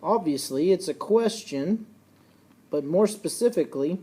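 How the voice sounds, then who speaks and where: A man teaching a recorded lesson, folksy and casual, slowing down and repeating key points so students can take notes. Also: a little high, dark tone. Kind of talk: recorded classroom lecture.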